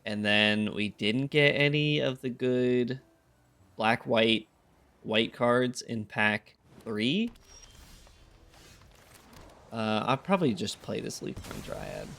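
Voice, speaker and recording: Tired gravelly-voiced man talking through a game. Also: mid-range voice, sing-song, takes it slowly, pauses often, a bit bright. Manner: thinking aloud, laid-back, wry. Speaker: gaming content creator. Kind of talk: casual gameplay commentary.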